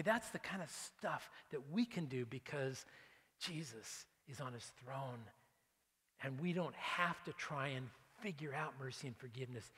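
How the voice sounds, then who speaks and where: A male pastor giving a conversational, animated sermon, acting out prayers and dropping into hushed asides. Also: a little high, big-room sound. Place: church sanctuary.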